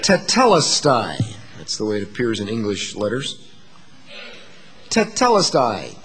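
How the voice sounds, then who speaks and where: A man preaching a sermon to his congregation, moving between hushed asides and emphatic, rising declarations. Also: medium pitch, huge pitch swings, measured pace, long reverb tail, faint music behind. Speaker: pastor.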